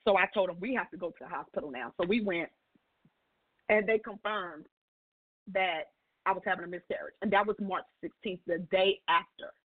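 A middle-aged woman on a call-in show, telling her story in a lively way and acting out each voice in the dialogue. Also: moderate pace, breathy edge. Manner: expressive, acts out dialogue with big pitch jumps. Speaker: call-in guest sharing a testimony. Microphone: telephone. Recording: tinny phone line.

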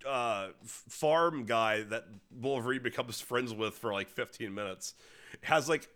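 A man's voice: medium pitch, measured pace, pushed and bright. A man co-hosting a podcast, chatting casually about films, rambling with restarts and the odd swear word. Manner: rambling, many restarts and fillers, swears freely. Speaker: podcast co-host. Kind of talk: casual film review chat.

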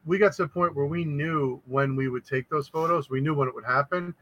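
A man speaking as a guest on a podcast, his voice pitched a little high and ringing bright. He recounts strange happenings casually and animatedly, slipping into other people's voices. The sound is close and dry. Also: brisk, dry recording, rough recording. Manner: animated, acts out quoted voices. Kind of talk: casual storytelling.

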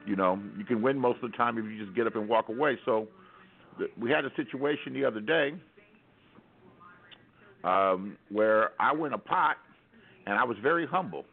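A man's voice: mid-range voice, normal speed, long pauses, husky. An American man telling a rambling, wry story as a caller on a call-in radio show, with many restarts. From United States. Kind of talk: casual storytelling on talk radio. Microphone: telephone. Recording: tinny phone line.

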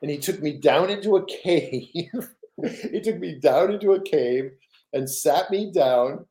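A man's voice: a little high, expressive, a little slow, warm tone. An older man, a guest author, telling stories in a rambling, casual way with repeated words and laughs. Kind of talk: casual storytelling.

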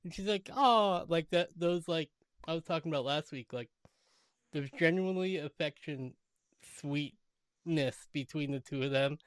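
A New man with a slightly high voice, recorded close and dry. He chats casually as a podcast co-host, laughing easily and putting on playful voices when he quotes characters. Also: unhurried, clean tone, no echo. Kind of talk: casual chat recapping a TV episode.

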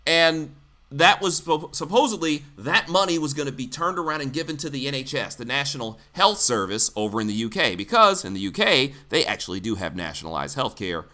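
A man's voice: medium pitch, expressive, brisk, pushed and bright. A man from the United States giving blunt, sarcastic political commentary, swearing freely. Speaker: commentary host.

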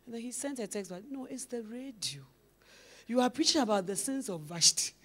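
Woman preaching, swinging from loud to hushed. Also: animated, a little fast. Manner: swings from loud, emphatic exhortation to low, musing questions. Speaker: pastor's wife, preacher. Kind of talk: sermon.

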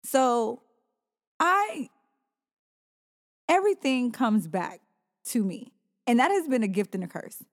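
Female co-host, fairly high voice, blunt and emphatic, reverb on the recording. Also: sing-song, slow, pauses often. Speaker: podcast co-host. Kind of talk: casual chat.

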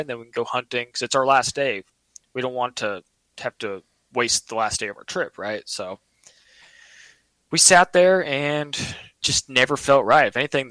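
A man's voice: medium pitch, pushed and bright, no room sound, rough recording. A man telling a personal story in a casual, earnest, rambling way, often restarting his sentences.

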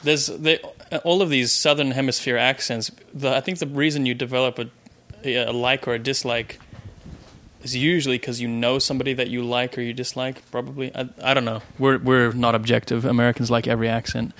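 A man's voice: mid-range voice, level tone, a little fast, fairly bright tone. A man from South Africa co-hosting a podcast and telling rambling stories in casual chat, often correcting himself mid-sentence. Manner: rambling, self-correcting storyteller. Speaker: podcast co-host, band member.

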